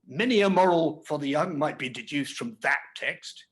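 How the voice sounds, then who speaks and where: A man's voice: on the high side, expressive, normal speed, close to an everyday voice. A sanctimonious dinner guest delivers stern little sermons in a storybook reading, as a man puts him on. His manner is preachy and self-important. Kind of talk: dramatic reading of classic fiction.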